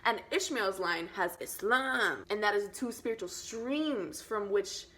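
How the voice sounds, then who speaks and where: A young woman vlogger retelling an old story in casual slang, excitable, and now and then dropping to a whispered aside. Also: mid-range voice, unhurried. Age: young adult.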